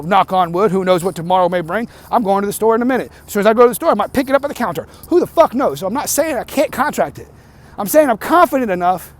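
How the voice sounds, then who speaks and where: A man with a fairly high voice rants to the camera, heated and profane. He circles back and repeats himself as he builds his case. It sounds like an unscripted personal vlog. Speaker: vlogger. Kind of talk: angry rant to camera.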